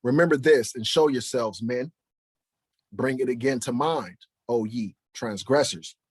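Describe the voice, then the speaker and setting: Man, emphatic Bible preacher, husky voice, dry close sound. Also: medium pitch, a little slow, no room sound. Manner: emphatic, fires rhetorical questions, keeps asking "right?". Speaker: Bible teacher. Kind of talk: preaching to camera.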